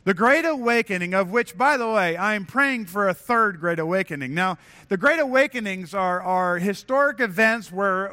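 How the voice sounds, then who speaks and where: A man's voice: sits high, sharp tone. A man preaching a sermon to a church congregation, earnest and conversational, often restarting his phrases. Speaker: pastor. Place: church sanctuary.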